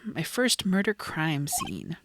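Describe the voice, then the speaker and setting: A woman's voice: deep voice, wildly swooping pitch, takes it slowly, noisy background, full character voice. A woman voicing an earnest, slightly flustered young male defense lawyer. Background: game music.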